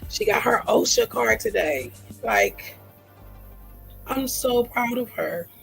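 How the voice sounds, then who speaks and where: A woman's voice: a little high, lively intonation, slow pace, gravelly, fairly bright tone, soft background music, rough recording. A middle-aged woman talking heartfelt and earnest on her own livestream, repeating phrases for emphasis. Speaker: livestream host. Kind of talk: emotional personal livestream talk.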